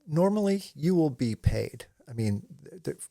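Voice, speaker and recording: Here the same photographer co-host sounds a little high and sing-song, with vocal fry and a mellow tone, at a moderate pace in a dry recording. Chatting casually about his work, he tells meandering stories packed with "you know," restarts and side comments.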